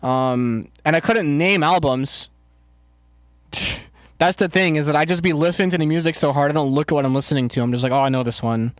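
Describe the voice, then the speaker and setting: Man, streamer, casual rambling chat, profane, filler-heavy, somewhat high-pitched. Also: a little fast, no room sound, studio quality. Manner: rambling, loose and profane, full of filler words. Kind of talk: casual chat, answering live chat.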